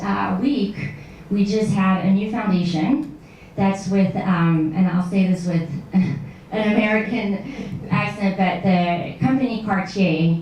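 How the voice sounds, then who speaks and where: A woman's voice: on the low side, a little mellow. Woman speaking from far off, echoey. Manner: thoughtful, with frequent fillers. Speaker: nonprofit staff member. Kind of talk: interview answers. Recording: echoey room from a distant mic with faint noise.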